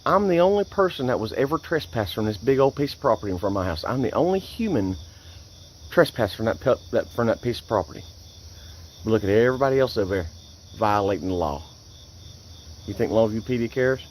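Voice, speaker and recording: A man's voice: mid-range voice, very animated, fairly quick, slight background noise, low-quality recording. A man filming outside by a road, angrily and repeatedly complaining. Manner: angry, indignant, repetitive complaining. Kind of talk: ranting phone vlog.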